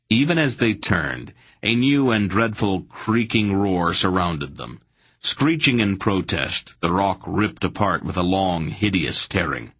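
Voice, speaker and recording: Male audiobook narrator, very low, husky, dry, steady telling. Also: no room sound. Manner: steady, measured storytelling.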